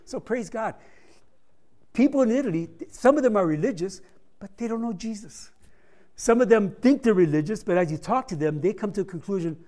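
A man's voice: high-pitched, expressive, a little fast, dark tone. A man giving a conversational missions report to a church congregation, telling stories with humorous asides.

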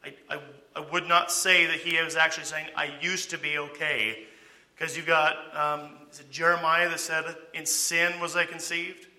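A man with a higher-than-usual voice and a very sharp, bright edge leads a Bible study. He talks it through conversationally, checking in with "okay?" and throwing out rhetorical questions. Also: level tone, moderate pace.

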